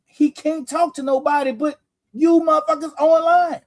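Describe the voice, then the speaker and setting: A man hosting a casual commentary show, talking in an animated, profane way that often rises to shouts. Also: very high-pitched, normal speed. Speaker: host.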